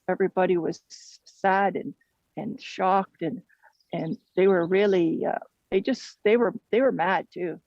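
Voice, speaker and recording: A storyteller telling a traditional teaching story in a gentle, halting way, often restarting phrases. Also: medium pitch, vocal fry, no room sound, muffled recording.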